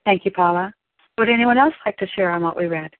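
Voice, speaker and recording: A woman's voice: medium pitch, brisk. A woman leading a recovery meeting, briefly thanking each speaker and calling on the next. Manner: brief and welcoming, calls on speakers. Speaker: meeting leader. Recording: tinny phone line.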